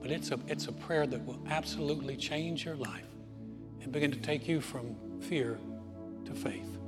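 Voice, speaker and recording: A male pastor preaching a sermon in a church auditorium, telling stories earnestly and dropping to soft, quiet phrases. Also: on the high side. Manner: earnest storytelling with dramatic pauses, softening to near-whisper. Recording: reverberant hall with music behind.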